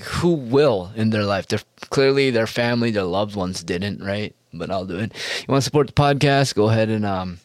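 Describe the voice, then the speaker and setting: Guy ranting on his own podcast, kinda low voice, swears a lot, dry close sound. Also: no echo. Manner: profane, rambling, sarcastic. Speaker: podcast host. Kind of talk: solo podcast monologue.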